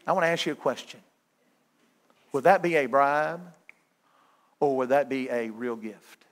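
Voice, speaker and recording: A man's voice: medium pitch, a little slow, pauses often. A middle-aged man preaching a sermon as a guest evangelist, folksy and joking with his listeners.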